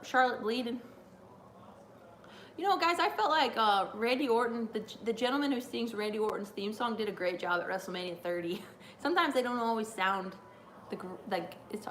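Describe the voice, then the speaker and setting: A woman streamer chatting live during a wrestling watch-along, rambling and excitable with lots of fillers. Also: medium pitch, moderate pace, slight background noise. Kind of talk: live reaction chat.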